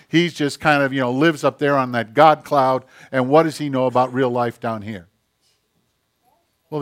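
A pastor delivering a sermon in an emphatic, direct way. His voice sits a little high for a man. He slips into quiet, muttered voices when quoting people. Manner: emphatic, acts out quoted voices in hushed tones.

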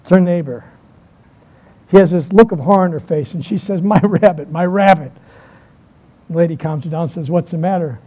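High-voiced preacher, husky and mellow. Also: male voice. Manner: storytelling preacher, emphatic with quiet pauses. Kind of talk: sermon. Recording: dull lo-fi sound.

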